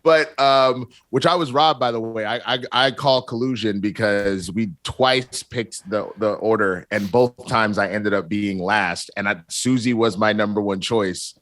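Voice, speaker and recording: Brief: low-pitched male podcast guest, loose and jokey, close dry mic. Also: fairly bright tone, dry recording. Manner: joking, drawn-out with frequent hesitations. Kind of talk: casual podcast chat.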